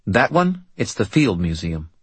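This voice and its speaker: A man voicing a weary bald male medium who talks in a quiet, measured, rasping way. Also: lowish voice, big pitch swings, no echo, voice pushed up, full character voice. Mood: exhausted.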